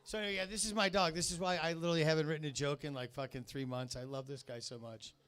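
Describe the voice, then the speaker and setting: A man hosting a comedy night, telling a joke and introducing acts in a rambling, halting way. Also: on the high side, steady tone, fairly bright tone. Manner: rambling, halting with many fillers. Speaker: comedy show host. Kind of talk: stand-up and emceeing. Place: comedy club stage.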